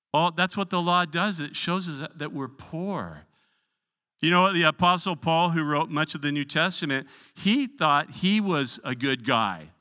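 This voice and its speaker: Pastor, male, earnest and emphatic, restarts and repeats words while preaching. Slightly high, tense voice. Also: pushed and bright, big-room sound. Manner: earnest, emphatic preaching with frequent word repetitions. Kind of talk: Bible study sermon. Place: church sanctuary.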